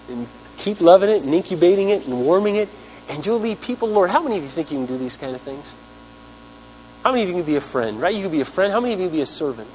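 Male pastor, sermon, fairly high voice, storytelling, rhetorical questions, lo-fi tape with faint hum.

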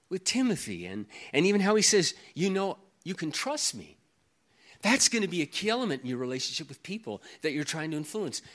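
A man's voice: on the high side, a bit bright. A middle-aged man preaching a sermon as pastor, emphatic and given to repeating his key phrases.

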